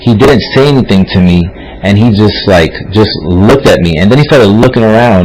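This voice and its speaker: Fast-talking man telling a story. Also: fairly low pitch, a little mellow, slight background noise, rough recording. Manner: rambling, many fillers and restarts. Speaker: podcast co-host. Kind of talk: casual storytelling.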